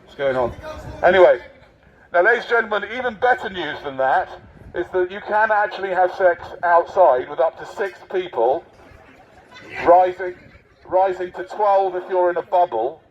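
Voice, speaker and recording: Man doing a satirical street bit; high voice, muffled outdoor camera audio. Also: lively intonation, normal speed, some chatter behind. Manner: mock-officious, teasing, addresses passers-by. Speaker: street prankster posing as covid marshal. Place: busy city street outdoors. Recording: dull lo-fi street recording.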